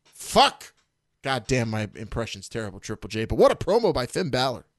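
A man hosting a casual wrestling podcast, animated and jokey, swearing freely and jumping up in pitch when excited. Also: fast talker, dry recording, studio quality. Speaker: podcast host.

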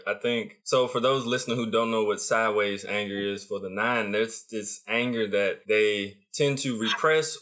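A man hosting a casual talk explains an idea at an even pace, circling back on his phrases to drive the point home. His voice is mid-pitched, and the audio has a dull, lo-fi tone. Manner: explains calmly, repeats phrases for emphasis. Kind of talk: casual chat, explaining a concept.

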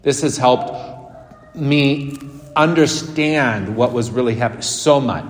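Chatty priest in an echoey church. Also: male voice, medium pitch, takes it slowly. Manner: chatty and animated, with frequent laughing asides. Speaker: Catholic priest. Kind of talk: conversational homily. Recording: echoey church with long reverb.

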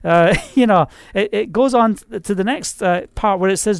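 A man's voice: high-pitched, moderate pace, creaky, hardly any pauses, dry recording, clean studio sound. A man preaching an informal online sermon, rambling and conversational, with many fillers and restarts.

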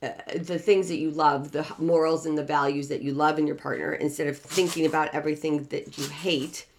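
Emphatic woman podcast host, low-pitched. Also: little pitch movement, brisk. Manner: emphatic, preachy, repeats key phrases with rising intensity. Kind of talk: motivational podcast talk.

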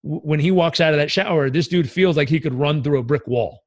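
A man coaching as a podcast guest, telling stories in an energetic, emphatic and casually profane way. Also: a little high, a little fast. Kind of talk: podcast interview storytelling.

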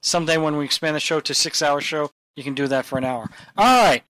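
A man's voice: a little high, fast talker, fairly bright tone, dry recording, poor audio. A man co-hosting a podcast, bantering in a jokey, playful way. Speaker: podcast co-host. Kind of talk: casual banter.

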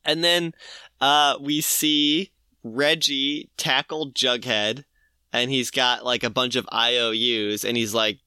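A man's voice: mid-range voice, steady tone, slow, sharp tone, clean tone, no echo, clean studio sound. A man co-hosting a casual comedic podcast, animatedly retelling a comic plot with laughter and swearing. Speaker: podcast co-host. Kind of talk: casual comedic recap chat.

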